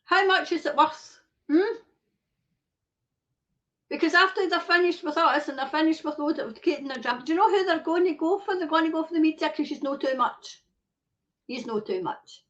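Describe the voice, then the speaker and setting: A woman's voice: high-pitched, moderate pace, a bit bright. A woman hosting a live stream, ranting bluntly and swearing heavily while reading viewer comments. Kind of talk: casual ranting chat. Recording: dull lo-fi stream audio.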